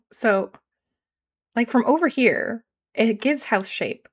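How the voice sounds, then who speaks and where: A woman's voice: on the high side, slow. A woman from Canada with a regional Canadian accent, chatting casually with her live-stream audience while building in a game, rambling and self-deprecating.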